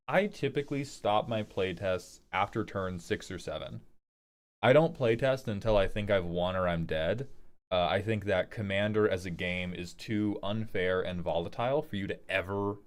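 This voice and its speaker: Young male streamer, low voice, casual rambling chat with viewers, playful. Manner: rambling, joking, reads viewer messages aloud.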